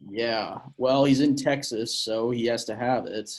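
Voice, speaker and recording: A man's voice: medium pitch, steady tone, unhurried. Rambling, crude young man on a podcast. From Portland, Oregon. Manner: rambling, crude, lots of filler words. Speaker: podcast co-host. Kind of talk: casual storytelling chat.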